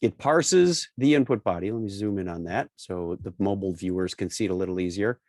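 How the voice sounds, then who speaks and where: Male co-host, lowish voice, dry close sound, joking demo style, hammers key points. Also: lively intonation, brisk, darkish tone, dry recording. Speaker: co-host presenting a software demo. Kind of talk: casual screen-share tutorial.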